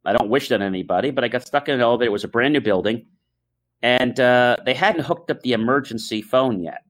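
A man hosting a talk show, speaking earnestly and calmly, with many uh and um fillers as he tells stories. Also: mid-range voice, quick pace. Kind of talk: casual podcast talk.

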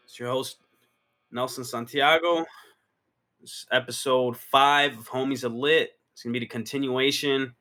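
Bright-voiced male podcast host. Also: medium pitch, steady tone, normal speed. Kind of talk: podcast episode intro. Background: faint guitar music.

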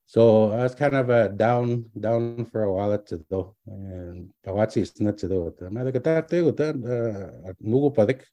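His voice is on the low side and dark in tone, moving at a moderate pace with few pauses and no echo. The middle-aged man, a language teacher and doctoral student, tells his story in a casual, rambling way, restarting often and mixing in foreign words.

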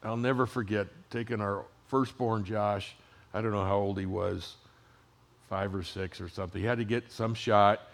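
Older guy pastor preaching, chatty stories, gets real quiet then loud again. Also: fairly low pitch, steady tone, normal speed. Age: 60s. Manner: conversational storytelling, swings from loud to hushed. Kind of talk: sermon.

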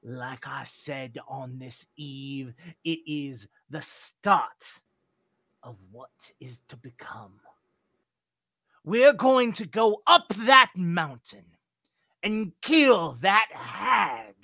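A man's voice: medium pitch, extremely slow, sharp tone, breathy edge, no echo, full character voice. A man voicing a zealous male cult priest who preaches to his followers with chanting repetition. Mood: fanatical sermon. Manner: preaching, chanting, dropping to a hiss.

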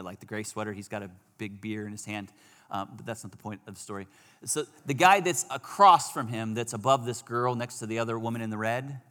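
Animated male preacher in a big hall. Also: on the low side. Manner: animated storyteller, swings from loud to hushed. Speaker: pastor. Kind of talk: sermon storytelling. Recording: long hall reverb.

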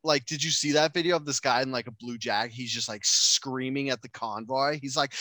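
Young man, podcast co-host, loose animated chatter, crisp dry close-mic read. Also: mid-range voice, fairly quick, hardly any pauses, no room sound. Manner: animated, profane, acts out quotes. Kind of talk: casual chat.

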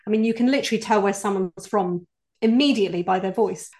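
A British voice coach for executives, appearing as a guest, answers interview questions earnestly and explains things carefully. She has a mid-range voice with a darkish tone and a quick pace.

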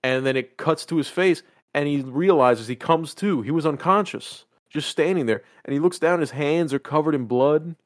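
A young man on a podcast, swearing freely as he tells an animated story from a video game. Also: a little high, normal speed, hardly any pauses, dry recording, studio quality. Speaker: podcast host. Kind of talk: casual chat.

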